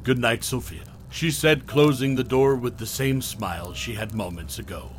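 A man softly narrating a horror tale. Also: medium pitch, expressive, moderate pace, slight background noise.

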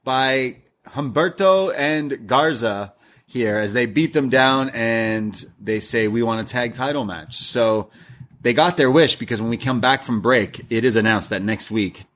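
A man's voice: medium pitch, unhurried, fairly bright tone. Laughing male wrestling podcast co-host. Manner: laughs often, recaps scenes and mimics characters' lines. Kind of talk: casual chat.

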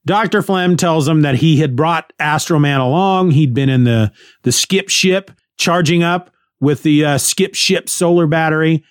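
A man's voice: on the high side, unhurried, clear, resonant tone, dry recording, clean studio sound. A man retelling a comic book story in a casual, rambling way, with frequent restarts and chuckles.

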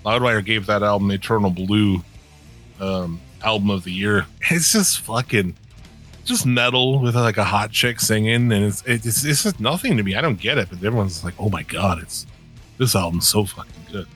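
A man with a fairly low voice talks in loose, profane podcast banter, blunt and sure of his opinions. Faint music plays quietly underneath. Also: lively intonation, moderate pace. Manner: blunt, opinionated, swears a lot. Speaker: podcast co-host. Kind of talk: casual profane chat.

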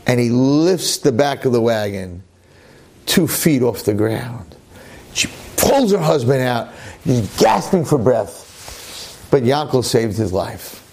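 A man telling a parable like a preacher, dramatic and slowing down for emphasis. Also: mid-range voice, very animated, darkish tone. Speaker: storyteller, preacher.

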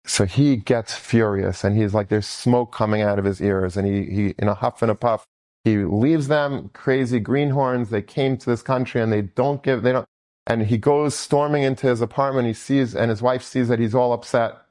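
A man tells an inspirational story in an animated, enthusiastic way, circling back and repeating himself as he goes. His voice sits at a middle pitch. The recording is dry and close. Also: normal speed, no echo. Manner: animated, repetitive, enthusiastic retelling.

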